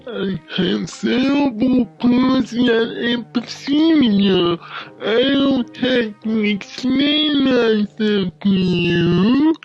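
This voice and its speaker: A woman , acted by a woman, speaks in a measured, very slow way and firmly stands her ground. The sound is slightly muffled and lo-fi, with a faint music bed. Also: on the high side. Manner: slow, deliberate, insistent. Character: firm woman in a wheelchair refusing a mask.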